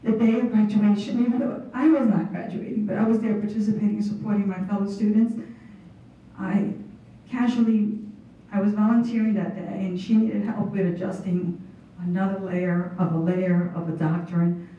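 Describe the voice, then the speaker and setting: A woman's voice: mid-range voice, steady tone, moderate pace. A woman in her thirties giving an emotional, unscripted thank-you speech as a student honoree. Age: 30s. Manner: heartfelt, emotional. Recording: echoey hall from far off, dull.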